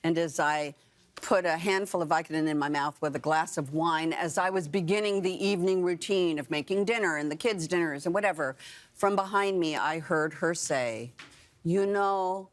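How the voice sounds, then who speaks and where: Woman, 60s, deep-set low register, earnest and emphatic, TV studio guest. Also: normal speed. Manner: earnest, emphatic, repeats key phrases. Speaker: guest actor and author. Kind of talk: television interview. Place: morning TV studio.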